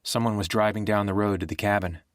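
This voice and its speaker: Low-voiced man narrating an audiobook. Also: steady tone, quick pace, no room sound, clean studio sound. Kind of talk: scripted narration.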